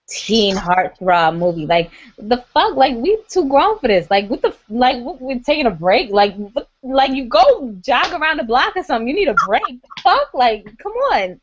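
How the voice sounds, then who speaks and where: A woman's voice: on the high side, lo-fi sound. Blunt woman saying "like" constantly. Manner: blunt, filler-heavy with "like". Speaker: podcast co-host. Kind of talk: casual drunk chat.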